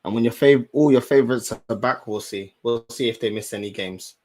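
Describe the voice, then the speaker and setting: A young man, a streamer telling a story in an animated, slangy way and swearing now and then. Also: medium pitch, brisk. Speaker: streamer and fan channel host. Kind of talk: casual storytelling chat.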